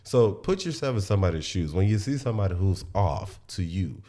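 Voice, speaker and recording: A man's voice: sits low, expressive, brisk, warm tone. A young man from Nigeria hosting a casual podcast conversation, speaking bluntly and emphatically, swearing freely and often asking "you know what I'm saying?". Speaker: podcast host.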